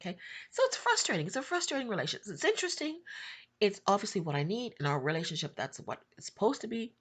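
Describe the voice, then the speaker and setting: A middle-aged woman giving an emotional personal testimony for her channel, repeating herself and rising to high pleading cries. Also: big pitch swings, fast talker, a bit bright, slightly rough. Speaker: Christian YouTube prophetic channel host.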